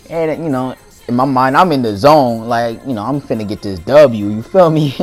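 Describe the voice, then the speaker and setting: A man's voice: mid-range voice, fairly quick, a little mellow, soft background music. A young man hosting a gaming channel, telling a story casually in slangy speech and laughing as he goes. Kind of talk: casual storytelling over gameplay.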